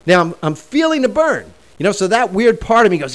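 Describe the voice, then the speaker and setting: A man's voice: sits high, very animated, brisk. A man in his forties telling a personal story in a conversational way while teaching a self-help lesson. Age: 40s.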